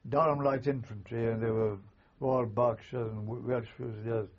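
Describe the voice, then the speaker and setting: An older man, a former army chaplain, recalling wartime memories in an oral history interview, with halting, understated speech and frequent restarts. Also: mid-range voice, fairly even intonation. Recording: muffled lo-fi recording.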